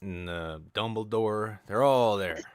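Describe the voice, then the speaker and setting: A man hosting a podcast, rambling through absurd deadpan comic riffs in casual chat. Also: lowish voice, slow, clean tone, no echo, clean studio sound. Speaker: podcast host.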